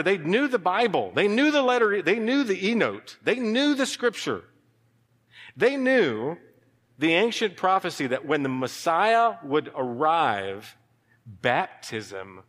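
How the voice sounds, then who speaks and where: A male pastor preaching a sermon, animated, with sudden drops to a hushed voice. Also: a little high. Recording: long hall reverb.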